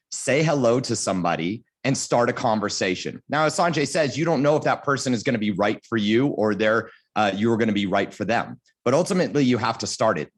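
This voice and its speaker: A man on a panel giving advice as a motivational speaker, telling lively stories and acting out little scenes. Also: mid-range voice. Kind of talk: storytelling advice.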